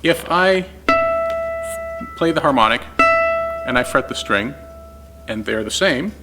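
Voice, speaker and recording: A man's voice: medium pitch, animated, a little slow. A man teaching guitar setup in a casual, step-by-step way while demonstrating on an instrument. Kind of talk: informal technical explanation.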